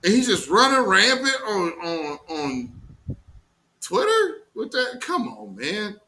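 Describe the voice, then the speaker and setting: Male live-stream host, slow and sharp-toned, fired up and mocking, slangy commentary. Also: sits high, huge pitch swings, low-quality recording. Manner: heated, mocking, slangy, profane.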